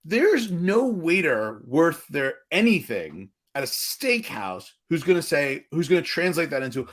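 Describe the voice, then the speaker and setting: A man hosting a podcast in casual conversation, talking in an animated way with many restarts. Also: fairly high pitch, unhurried, few pauses. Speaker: podcast host. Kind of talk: casual chat.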